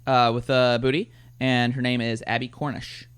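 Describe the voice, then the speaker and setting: A man co-hosting a casual film review podcast, joking loudly and swearing freely. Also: mid-range voice, little pitch movement, clear, resonant tone. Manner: rapid, boisterous, profane joking. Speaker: podcast co-host.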